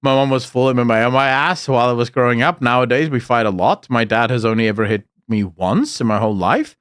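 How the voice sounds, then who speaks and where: A man's voice: mid-range voice, quick pace, fairly bright tone, clean tone, dry recording, studio quality. A man with a South African accent, a streamer telling blunt, profane stories in casual chat.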